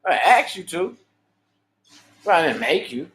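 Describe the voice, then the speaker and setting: High-voiced profane man ranting on a livestream. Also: big pitch swings, unhurried, a bit bright. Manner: profane, preachy, boastful. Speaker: livestream host. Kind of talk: unscripted livestream monologue.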